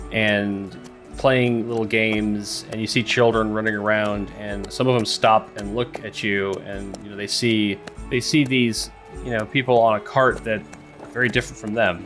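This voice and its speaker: A man runs a tabletop game, describing scenes in a loose, rambling way full of fillers. His voice sits low. Faint music plays in the background. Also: fairly bright tone. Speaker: game master.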